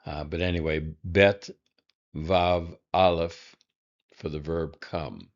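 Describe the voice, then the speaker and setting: A man walks through a lesson slowly, in a very deep voice. He halts often with fillers and drops in dry little asides. The recording sounds a bit dull and lo-fi. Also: steady tone. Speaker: Hebrew teacher.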